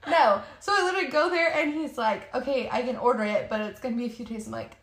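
A woman's voice: a little high, fast. A woman in her thirties, hosting a podcast, telling a story in casual chat, swearing often and laughing as she talks. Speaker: podcast co-host. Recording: echoey room.

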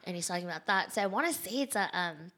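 A woman co-hosting a casual podcast, chatting about a film and adding details in a relaxed, conversational way. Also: lowish voice, fast. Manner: chatty, adds details, whispers when quoting creepy lines. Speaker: podcast co-host. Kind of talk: casual movie recap chat.

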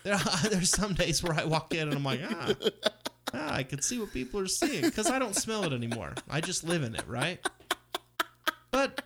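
A man with a slightly high voice and a very lively, swooping pitch tells stories in a relaxed podcast chat. He laughs often and slips into the voices of the people he quotes. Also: moderate pace. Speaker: podcast guest, brother of host. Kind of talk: casual chat.

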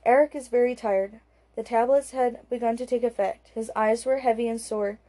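A woman reads a thriller audiobook in a calm, even storytelling manner. Her voice is fairly high but warm and mellow. Her narration is steady and scripted. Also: moderate pace.

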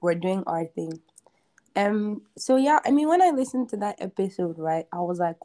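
A young woman guest on a podcast, talking in a relaxed, reflective way with many fillers. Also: medium pitch, normal speed. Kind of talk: casual chat.

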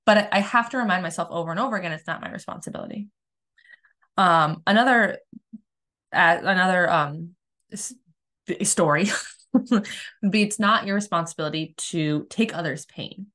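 A woman who works as an energy healer, talking candidly in a casual personal monologue. She is emphatic, swears freely and restarts her sentences often. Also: a bit bright. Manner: rises high and fast when acting out her past frustration.

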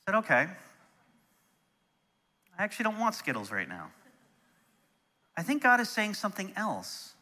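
A middle-aged man preaching, telling a personal story in an animated way that turns soft and quiet when he is moved. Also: sits high, normal speed, pauses often. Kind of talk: storytelling sermon.

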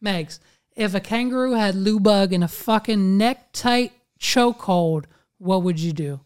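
A man hosting a casual chat, telling a story in an animated way and swearing constantly. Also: high-pitched, a little slow, clean tone.

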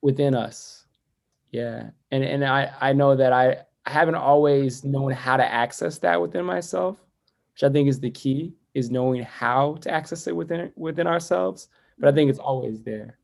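A man with a gravelly, mid-pitched voice talks as a guest on a podcast. He speaks thoughtfully with many filler words, and his voice drops soft and quiet when he turns inward. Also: moderate pace. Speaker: guest, poet and educator. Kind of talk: reflective podcast interview.

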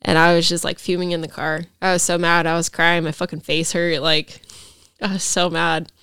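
A woman's voice: on the low side, little pitch movement, normal speed, fairly bright tone, clear, resonant tone, no echo, clean studio sound. A young woman, a podcast guest, rambling through a personal story with lots of fillers.

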